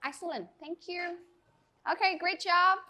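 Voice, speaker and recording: A woman teaching an English class, speaking in a clear, encouraging and instructive way. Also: very high-pitched, a little slow, pushed and bright.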